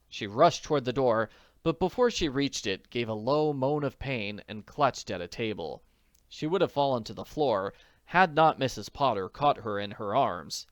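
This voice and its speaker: Expressive male audiobook narrator. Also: mid-range voice, moderate pace, dry recording. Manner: expressive, animated storytelling. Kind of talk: audiobook reading.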